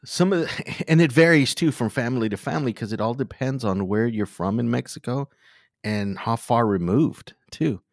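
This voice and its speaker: A man hosting a podcast, talking in a casual, thoughtful way with many pauses and fillers. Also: medium pitch, gravelly, no room sound, clean studio sound. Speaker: podcast host. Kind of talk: casual conversation.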